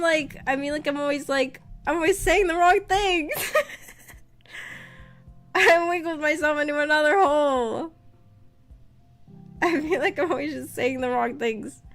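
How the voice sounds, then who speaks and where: Giggly woman streamer, a bit hoarse. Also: high voice, fairly bright tone. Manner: rambling, giggly, often breaks into laughter. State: slightly rough voice after illness. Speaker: VTuber streamer. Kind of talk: casual live-stream chat.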